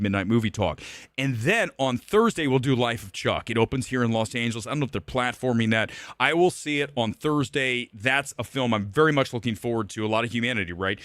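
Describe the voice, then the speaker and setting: A man's voice: medium pitch, fairly bright tone, no room sound. A man hosting a live movie-talk stream, ranting bluntly and combatively with profanity and emphatic repetition. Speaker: live show host. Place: Los Angeles.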